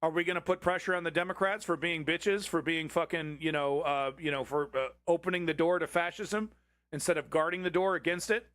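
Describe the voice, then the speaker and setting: A man's voice: on the high side, steady tone, fairly quick, fairly bright tone, dry recording. A man hosting a livestream, reacting to a political clip with angry, profanity-filled ranting. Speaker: livestream host.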